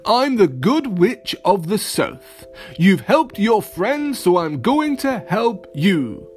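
A man voicing a kind good witch, speaking softly and soothingly in a raised put-on voice for a children's story. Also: high-pitched, sing-song, faint music behind, voice pushed up, exaggerated voice. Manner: soothing, slow.

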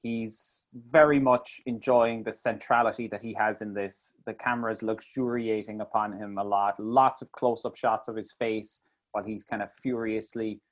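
A man's voice: lowish voice, moderate pace. A man in casual chat, reviewing a film with mocking asides and swearing. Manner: animated, swearing, mocking impressions. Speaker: podcast co-host.

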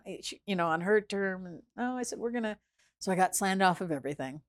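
A woman chef, a guest in an interview, telling a story in a lively way, acting out what people said and swinging between hushed and loud. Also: fairly low pitch, brisk. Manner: animated, acts out quoted voices, swings between hushed and loud. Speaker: chef and restaurant founder, guest.

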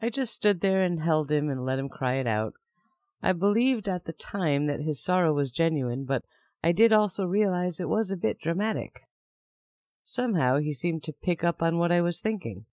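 A man's voice: a little high, animated, moderate pace, a little mellow, no echo, studio quality. A man narrating a first-person story in a plain, conversational way.

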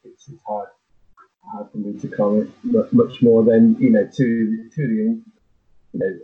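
A middle-aged man with a lowish voice talks haltingly and reflectively, hunting for the right words. He comes through a tinny, phone-like remote line. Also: flat delivery. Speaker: podcast guest, flag football parent. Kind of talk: casual chat, reflective.

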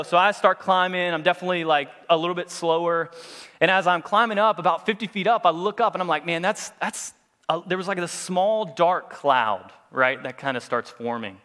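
A man's voice: a little high, pushed and bright. A young man giving a conversational sermon that weaves in a personal story, with lots of fillers and restarts. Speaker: preacher. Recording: long hall reverb.

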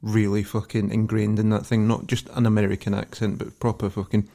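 Casting: male co-host, lowish voice, loose rambling crude talk. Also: level tone, a little fast, creaky, dark tone. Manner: rambling, sweary, laughs often. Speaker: podcast co-host. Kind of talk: casual banter.

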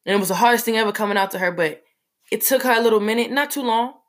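A woman telling a personal story in a casual, animated way, full of fillers. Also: fairly high pitch, very fast.

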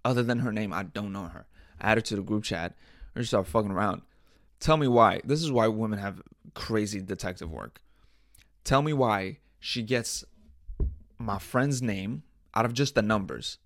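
A man's voice: on the low side, moderate pace, no echo, clean studio sound. A young man hosting a casual solo podcast, telling stories in profane slang and laughing often. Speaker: podcast host.

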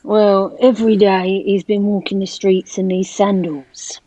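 A man, a regular on a comedy show, telling absurd stories in a deadpan way. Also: high voice, a little slow, dry recording, dull audio. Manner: deadpan, dry. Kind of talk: deadpan comic banter.

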